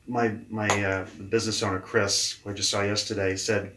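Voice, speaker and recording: A man with a lowish voice tells stories casually as an interview guest. He is animated, jumps into quoted dialogue, and drops casual swear words. The sound bounces around an echoey room. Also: fairly quick, a little hiss or hum. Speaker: leadership coach, podcast guest.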